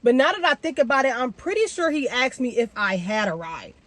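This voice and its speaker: A young woman vlogger telling a story casually, animated and slangy, with big jumps in pitch. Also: a little fast, dry recording.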